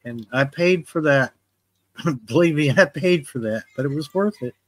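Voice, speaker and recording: A man's voice: a little high, moderate pace, fairly bright tone, no room sound. A man co-hosting a casual livestream, talking in a plain, emphatic way. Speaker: livestream co-host. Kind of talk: casual live-stream chat.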